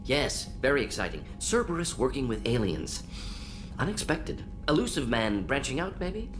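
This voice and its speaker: A man doing a brisk clipped alien scientist. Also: medium pitch, very animated, lightly acted. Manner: terse clipped fragment sentences. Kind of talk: video game voice acting. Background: game music.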